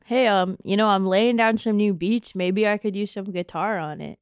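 A woman's voice: medium pitch, steady tone, moderate pace, clear, resonant tone, dry recording, studio quality, close to an everyday voice. A woman playing a blunt, mocking teenage girl in an improvised comedy scene, drawing out her words in disgust. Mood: sassy. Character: sassy, picky teenage girl who acts tough.

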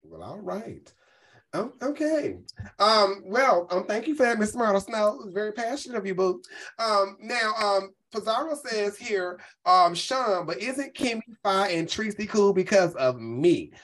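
A man's voice: high voice, big pitch swings, measured pace, fairly bright tone. A man hosting a live stream, talking in a sassy, campy way full of "um"s. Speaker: host. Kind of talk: casual live-stream commentary.

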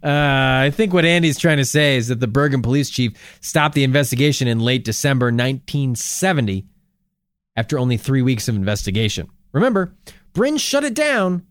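A medium-pitched man co-hosts a casual, joking podcast, bantering in a laid-back way with plenty of fillers. The recording is dry and studio-quality.

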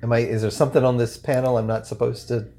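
A man's voice: mid-range voice, level tone, fast talker, warm tone. Host: man, mid-range voice, dry and exasperated straight man. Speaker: podcast host. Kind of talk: improvised comedy podcast.

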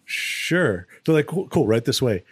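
A man's voice: mid-range voice, very animated, unhurried, breathy edge, dry recording. A man co-hosting a casual podcast, talking enthusiastically and with profanity in a studio. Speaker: podcast co-host. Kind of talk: casual chat.

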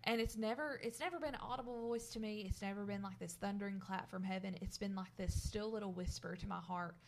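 A woman's voice: mid-range voice, fairly even intonation, fast. A woman co-hosting a casual faith talk, speaking earnestly and encouragingly to listeners. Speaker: podcast co-host.

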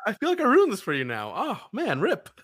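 Lively, laughing podcast co-host, a man. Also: high voice, a little fast, no echo. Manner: laughing, joking, lively banter. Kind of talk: casual chat.

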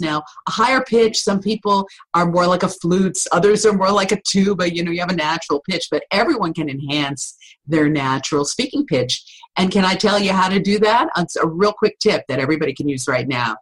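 A woman voice coach talks as a podcast guest in a slightly low, husky voice. She explains things with energy and coaching enthusiasm. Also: animated, normal speed, low-quality recording. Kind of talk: podcast interview.

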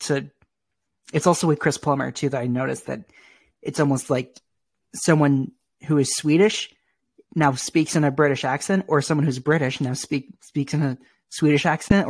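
A man's voice: mid-range voice, creaky, dry recording. A man hosting a podcast, talking casually and hesitantly about films with many fillers. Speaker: podcast host. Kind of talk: casual film chat.

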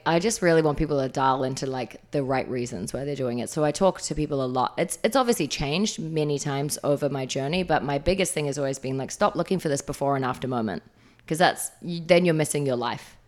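A woman, speaking in a notably low register. She is a fitness trainer in a relaxed interview, chatty and eager, full of "like" fillers. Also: brisk. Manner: chatty, enthusiastic, lots of "like" fillers. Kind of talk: casual interview storytelling.

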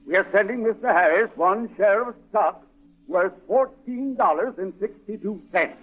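An actor playing a bossy, joking company executive in a 1940s radio sitcom. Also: male voice, high voice, normal speed. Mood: breezy. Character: brash, wisecracking company executive. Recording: tinny old radio broadcast.

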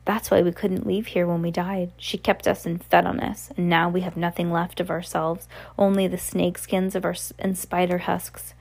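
A woman reading sad, faded ghost children in a storybook, their lines slow and drawn out. Her voice is low and gravelly, with a heavy sense of loss. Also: little pitch movement, darkish tone. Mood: mournful. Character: sorrowful ghost children, faint and lost. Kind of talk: audiobook reading.

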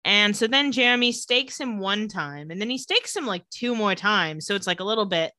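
A woman's voice: mid-range voice, normal speed, no echo. A woman co-hosting a casual podcast, retelling a TV episode and acting out the characters' lines. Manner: animated retelling with acted-out quotes. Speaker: podcast co-host recapping a TV episode. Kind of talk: casual chat.

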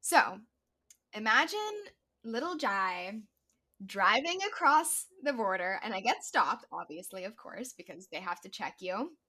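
A woman's voice: medium pitch, a little slow, husky. A woman actress, a guest on a casual podcast, telling stories and quoting people as she goes. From United States. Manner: animated storyteller, quotes people.

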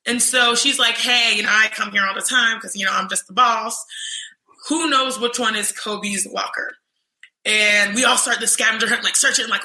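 A young woman telling an animated story in casual chat, acting out other people's voices in quotes. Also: a little high, normal speed. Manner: lively, mimics voices in quotes, says "you know what I'm saying". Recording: roomy echo.

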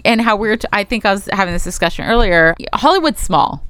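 A woman co-hosting a podcast, telling a story in a lively way and acting out the people she quotes. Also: medium pitch, a little fast, clean tone, dry recording. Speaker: podcast co-host. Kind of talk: casual chat.

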